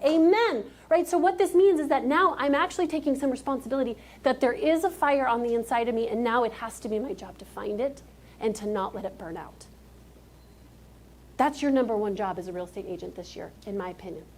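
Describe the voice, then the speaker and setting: A woman's voice: a little high, fairly quick, slight background noise. A woman giving a motivational keynote speech on stage, talking emphatically and directly to a live audience. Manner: emphatic, direct, calls out to the crowd.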